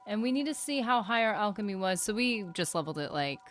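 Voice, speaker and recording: A woman streaming a video game live, chatting casually, reading chat aloud and breaking into excited bursts. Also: mid-range voice, fast talker, soft background music. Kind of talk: live gameplay commentary.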